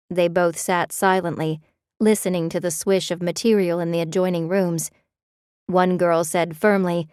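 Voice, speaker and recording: A woman narrating a romance audiobook in a measured, expressive way. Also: lowish voice, clear, resonant tone, no room sound, clean studio sound.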